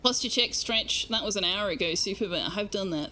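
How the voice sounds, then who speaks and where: A woman's voice: mid-range voice, brisk, bright, forceful tone, a little hiss or hum. An Australian woman streaming a game, chatting casually with her viewers and enunciating carefully. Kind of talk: casual gaming stream chat.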